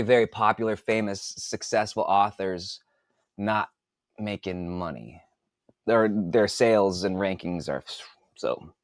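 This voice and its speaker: A man's voice: medium pitch, dry recording, clean studio sound. A man in his forties, an author hosting a podcast, chatting casually in a rambling, profane way and thinking aloud with restarts. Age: 40s. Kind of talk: casual livestream chat.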